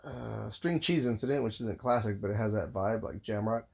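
A man's voice: fairly low pitch, moderate pace, creaky, darkish tone, husky. A man in his thirties, a father, telling a long casual story, rambling and swearing constantly with lots of filler words.

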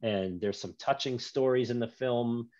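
A man's voice: mid-range voice, a little slow, a little mellow, dry recording. A man, a guest author and documentary maker, telling rambling stories in an easy, self-mocking way in a casual interview chat. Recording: dull lo-fi sound.

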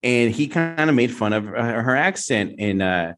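A man with a mid-range voice hosts a podcast, chatting casually at a moderate pace. He tells stories in a rambling, animated way and restarts his sentences often.

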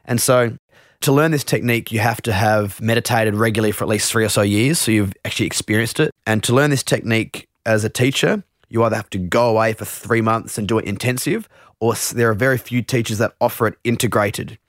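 Male meditation teacher, interview guest; lowish, easygoing, rambling explainer; dry close recording. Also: fairly quick, no echo. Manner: relaxed, explains with many restarts and asides.

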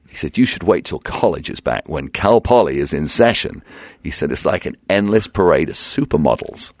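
A man with a very low voice tells career stories as a guest on a talk show, putting on the voices of the people he quotes. The sound is close and dry, with no room around it. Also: fairly quick, no room sound. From England. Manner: animated storyteller acting out quotes. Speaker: DJ and radio personality, guest. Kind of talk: casual storytelling interview.

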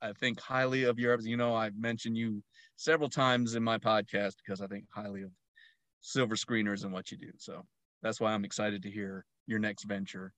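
A man's voice: on the low side, flat delivery, moderate pace, a bit bright, no room sound. A man who is a guest on a podcast, chatting casually, self-deprecating and laughing a lot.

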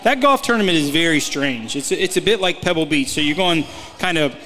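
A man in his forties co-hosts a loose golf chat, rambling and tripping over his own sentences, with casual swearing. His voice sits slightly high. A long reverb hangs on every phrase. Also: lively intonation, brisk, bright, forceful tone. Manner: rambling, stumbling restarts, profane. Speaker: podcast co-host, golf analyst.

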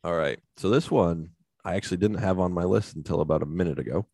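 Deep-voiced man in casual podcast banter. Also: fast talker, vocal fry, warm tone, dry recording, clean studio sound. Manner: loose, profane storytelling, acting out scenes. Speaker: podcast co-host. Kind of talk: casual chat.

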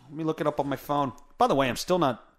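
Fast and on the high side, this man's voice carries a blunt, foul-mouthed, self-mocking rant on his podcast. It's recorded at home through a mixer, using a studio microphone fitted with a pop filter.

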